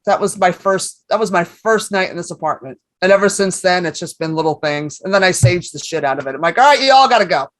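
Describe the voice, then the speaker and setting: A woman in her fifties, a comedian guest on a podcast, telling stories in a lively way and swearing freely. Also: lowish voice, brisk, few pauses, dry recording. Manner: animated storyteller, swears freely. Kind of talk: casual podcast chat.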